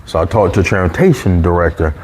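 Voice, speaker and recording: A man with a fairly low voice tells a personal story in a relaxed, conversational way. He gets animated and jumps up high when he quotes other people. A faint hum sits behind him. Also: quick pace. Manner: animated, raises pitch when quoting coworkers. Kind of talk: casual storytelling.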